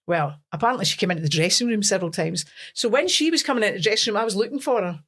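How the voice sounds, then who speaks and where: A woman's voice: medium pitch, fast. A Scottish woman, a singer, telling self-mocking stories in a casual interview. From Scotland. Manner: animated storyteller, self-mocking.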